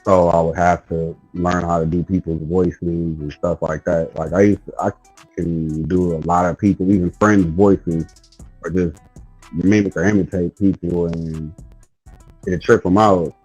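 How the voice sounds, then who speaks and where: A man hosting a podcast in relaxed casual chat, rambling and saying "you know" a lot. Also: low-pitched, measured pace, slightly rough, faint music behind, rough recording. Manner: laid-back, rambling, with lots of "you know". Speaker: podcast host.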